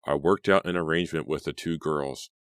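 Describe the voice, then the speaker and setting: A man playing a stern middle-aged father who speaks in measured warnings. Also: very deep voice, no room sound, clean studio sound.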